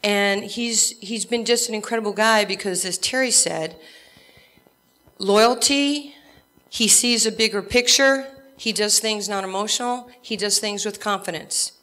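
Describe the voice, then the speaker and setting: A woman with a New York accent tells lively stories and jokes as she accepts an award. Her voice is bright and ringing, pitched in a middle range for a woman. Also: a little slow. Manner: animated storytelling with jokes. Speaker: award recipient. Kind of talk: acceptance speech.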